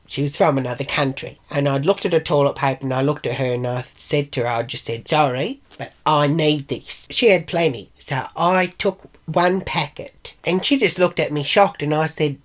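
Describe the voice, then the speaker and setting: Brash, foul-mouthed Australian woman, low voice. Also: normal speed, few pauses. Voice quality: brash, profane, mimics others in high voices. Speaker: vlogger. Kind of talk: casual storytelling.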